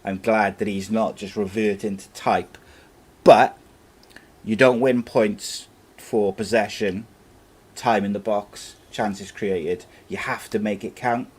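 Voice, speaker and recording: A man's voice: fairly low pitch, steady tone, takes it slowly, a little mellow, husky. A young man talking casually as a football podcast pundit, thinking aloud with fillers and restarts. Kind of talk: casual live podcast chat.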